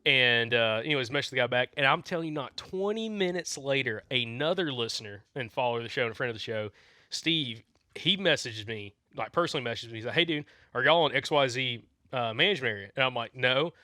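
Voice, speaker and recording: Bright-voiced man joking around. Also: mid-range voice, lively intonation, quick pace, no room sound. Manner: laughing, joking storyteller. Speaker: podcast co-host. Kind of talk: casual chat.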